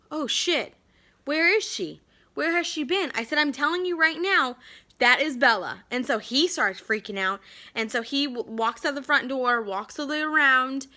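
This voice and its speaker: A young adult woman telling a story to camera in a chatty, animated way, full of "like" fillers. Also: fairly high pitch. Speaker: vlogger.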